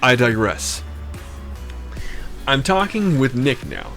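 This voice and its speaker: Brief: podcast host man, bright tense tone, swears a lot, wanders off track then says "I digress". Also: mid-range voice, sing-song, takes it slowly, faint music behind. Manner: rambling, profane, digressive. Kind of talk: storytelling.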